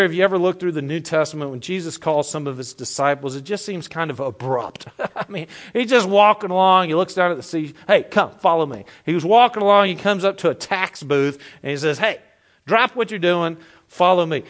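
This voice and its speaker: A man with a high voice preaches a sermon. He tells stories with animation, swinging from loud, stressed lines to quiet asides. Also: expressive, brisk. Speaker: pastor.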